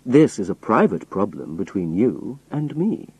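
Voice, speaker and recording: A man voicing a calm, menacing old male villain who speaks quietly and without hurry. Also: on the low side, unhurried, husky, dry recording, full character voice, poor audio. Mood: cold, calm.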